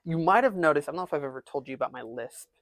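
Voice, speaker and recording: A man's voice: fairly high pitch, expressive, fairly bright tone, no room sound. A young man, a transfer student, chatting casually in an interview with a slight lisp on his s sounds and plenty of fillers. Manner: casual, halting, many fillers.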